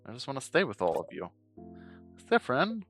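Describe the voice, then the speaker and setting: A man voicing a timid, lonely young traveler while reading a video game's dialogue aloud in a soft, hushed voice. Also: mid-range voice, wildly swooping pitch, normal speed, creaky, breathy edge, faint music behind, heavily acted. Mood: sad.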